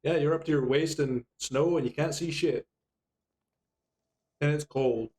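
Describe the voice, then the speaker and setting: A man's voice: a little high, unhurried, darkish tone. Man game master, wry, easy narration. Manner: wry, laughs easily.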